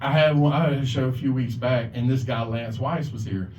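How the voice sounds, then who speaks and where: A man's voice: mid-range voice, a little fast, darkish tone, a little hiss or hum. A man doing a rambling, profane stand-up set as the open mic host, acting out the voices of the people he quotes. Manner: profane, rambling, swears a lot. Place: bar or club stage. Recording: echoey, lo-fi, from far off.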